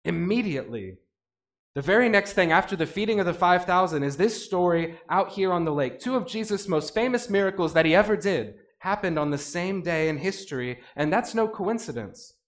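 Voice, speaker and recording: Animated preacher man, fairly high voice. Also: fairly quick, hardly any pauses. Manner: animated, acts out quoted voices with rising intensity. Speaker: pastor. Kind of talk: sermon.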